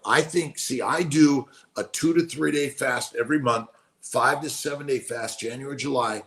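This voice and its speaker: A man's voice: medium pitch, unhurried, fairly bright tone. A man in his late sixties hosting a casual live stream, talking with enthusiasm, repeating himself, and slipping into preaching. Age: 60s. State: speaking quietly while someone sleeps. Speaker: host.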